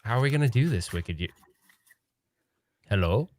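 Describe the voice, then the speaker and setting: A man's voice: lowish voice, moderate pace. Laughing man hosting a late-night livestream. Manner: laughing, joking, excitable but hushed. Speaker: livestream host. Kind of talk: casual livestream chat. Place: home room at night.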